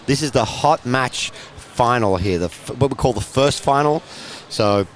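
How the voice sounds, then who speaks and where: A man's voice: mid-range voice, animated, unhurried, slight background noise. A man commentating live on a pool match, chatty and explaining the play to viewers.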